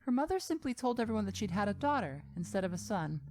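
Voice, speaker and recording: Female essay narrator, calm and measured, animated intonation. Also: mid-range voice. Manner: measured, calm storytelling delivery. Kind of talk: scripted narration.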